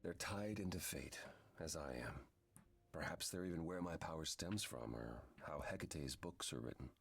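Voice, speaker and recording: An actor playing an ancient male being bound to fate, who talks in a calm, measured, grave way. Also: extremely low pitch, vocal fry, husky, exaggerated voice.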